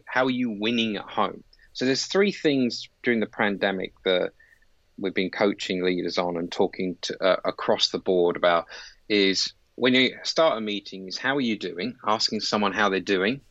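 Low-voiced man on dull audio. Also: fairly bright tone, dry recording. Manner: earnest, explanatory, with frequent fillers. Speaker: leadership coach. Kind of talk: conversational interview.

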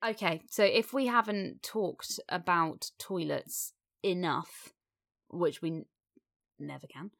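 A woman's voice: fairly low pitch, slow pace, vocal fry, a bit bright. A woman co-hosting a casual podcast, candid and sweary, rambling through her points. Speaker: podcast co-host.

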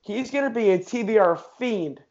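A man's voice: high voice, normal speed, darkish tone. A man, co-hosting a casual podcast with hyped, joking banter. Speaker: podcast co-host. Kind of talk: casual chat. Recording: dull lo-fi recording.

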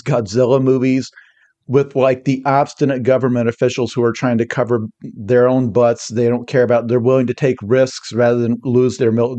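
Mellow-voiced man talking films. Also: mid-range voice. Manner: animated storytelling with quick mock quotes. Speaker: podcast guest. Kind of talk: casual podcast discussion.

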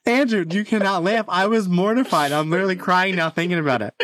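A man co-hosting a casual podcast, telling stories in a blunt, animated way. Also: high voice, fairly quick, no room sound. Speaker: podcast co-host.

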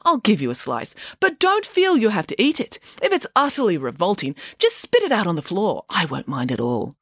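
A sly young woman who sweet-talks with bright, falsely modest coaxing, put on by a storyteller. The voice sits high above the reader's own and leaps about wildly. It sounds close and dry, like a storybook read-aloud. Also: huge pitch swings, moderate pace, husky, no room sound, heavily acted.

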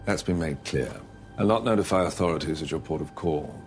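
An actor playing a stern ship captain who speaks in a formal, measured way in a period drama. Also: male voice, very deep voice, faint music behind.

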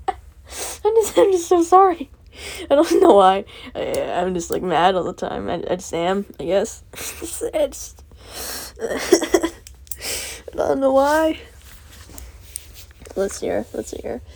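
A young woman hosts her own podcast alone, rambling and swearing as she vents. Her fairly high voice swings widely in pitch, and she keeps breaking into laughter. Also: very animated, takes it slowly, long pauses, a little mellow. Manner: profane, rambling, laughing through angry venting. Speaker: podcast host. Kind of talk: casual solo podcast rant.

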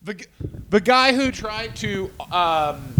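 Sarcastic, profane comedian riffing. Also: male voice, high-pitched, expressive, slow, pushed and bright, a little hiss or hum. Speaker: comedian podcast co-host. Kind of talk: casual comedic chat.

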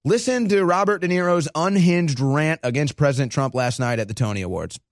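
A man hosting a political commentary show, excitable and mocking, often breaking into laughter. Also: fairly high pitch, a little fast, no room sound, studio quality. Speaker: host.

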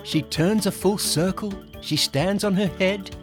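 Brief: a man narrating a rhyming storybook, slightly high voice, unhurried, music underneath. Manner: gentle, rhythmic, rhyming delivery.

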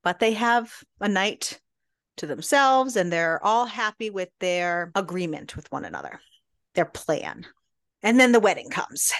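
A woman co-hosting a book podcast, retelling the plot in relaxed, casual chat. Her voice sits in a middle pitch but rises and falls widely as she tells it, dropping into quick voices for the characters. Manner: animated storytelling, acts out characters' lines. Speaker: podcast co-host. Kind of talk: casual book club recap.

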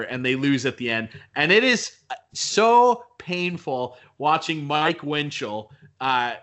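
A man co-hosting a casual chat, animated and jokey, poking fun at himself. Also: medium pitch. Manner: animated, jokey, self-deprecating. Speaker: co-host.

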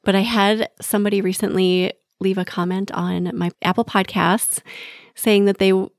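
A woman's voice: medium pitch, steady tone, normal speed, dry recording, studio quality. A woman hosting a podcast, chatty and effusive, with frequent filler words. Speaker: podcast host. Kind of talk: podcast interview.

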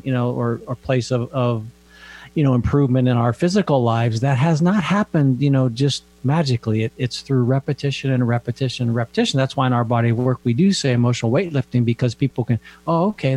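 A man co-hosting a casual discussion, thoughtful and halting, often repeating words as he searches for them. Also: medium pitch, a little mellow.

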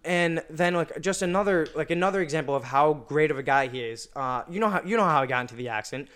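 A young man chats casually as a guest, winding through a story with constant fillers and restarts. His voice sits a little high and sounds smooth and resonant. He talks like he is among friends. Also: fast talker, fairly bright tone. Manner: rambling, many "like" fillers and restarts. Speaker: podcast guest.

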